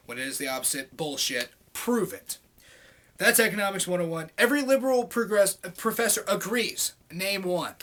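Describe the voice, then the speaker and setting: A man's voice: sits high, expressive, moderate pace, a bit bright, rough recording. A man ranting angrily at a commenter, sarcastic and exasperated, swearing often. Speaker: vlogger. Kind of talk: angry rant reading out comments.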